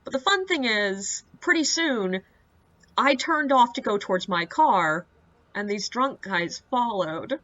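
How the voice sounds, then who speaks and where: A woman tour guide tells a story to the camera in a casual, wry way, full of lively asides. Her voice is bright and sits fairly high. The recording is a bit dull and lo-fi. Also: takes it slowly, no echo.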